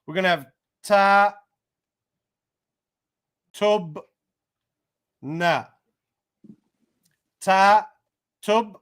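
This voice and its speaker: Male tutor, higher voice, unhurried, patient and encouraging. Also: a bit bright, smooth. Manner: patient, encouraging, slow and careful. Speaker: Arabic teacher. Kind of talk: one-on-one tutoring lesson.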